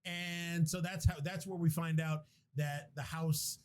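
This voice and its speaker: Fairly high in pitch and a little slow, this man keeps his intonation fairly even as he hosts a podcast. He retells a film's plot in casual, rambling fashion, swearing and restarting as he goes.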